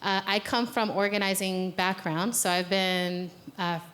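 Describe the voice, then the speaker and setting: A woman's voice: medium pitch, fairly even intonation, unhurried, a bit bright. An American woman, an organizer, leading a guided exercise and then giving a playful, conversational talk from a conference stage. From United States. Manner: playful, conversational, laughs at own jokes. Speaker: speaker and organizer. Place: conference venue.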